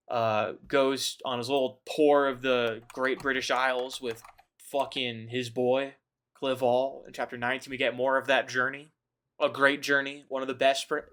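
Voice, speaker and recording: Profane joking man retelling a book. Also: medium pitch. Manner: profane, jokey retelling with loud mock voices. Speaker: podcast host. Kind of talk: casual chat.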